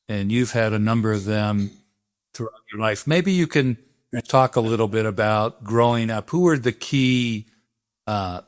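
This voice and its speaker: A male host asking long, meandering questions with fillers in an interview. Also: lowish voice.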